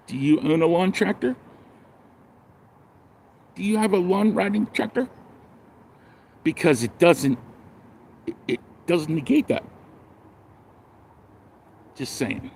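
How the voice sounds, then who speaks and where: A man with a fairly high voice drawls through a blunt, sarcastic rant and then reads viewer comments. He speaks slowly, with a faint hum of background noise. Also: lively intonation. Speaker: live streamer reading comments. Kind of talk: casual livestream rant.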